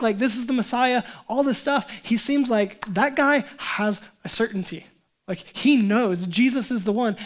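Earnest conversational male pastor preaching. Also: high voice. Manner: builds to raised, emphatic passages. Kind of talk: sermon.

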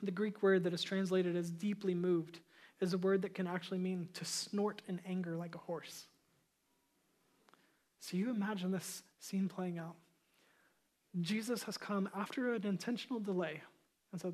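High-voiced male pastor preaching. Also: steady tone, normal speed. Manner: conversational storytelling building to loud, emphatic preaching. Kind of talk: sermon.

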